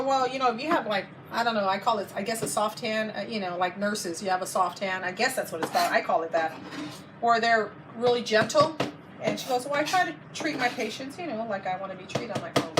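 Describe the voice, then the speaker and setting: A woman, chatting casually to her viewers and rambling through a story while cooking in her kitchen, often correcting herself. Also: a little high. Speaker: vlogger. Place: home kitchen. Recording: distant mic with clear background noise. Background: kitchen sounds while cooking.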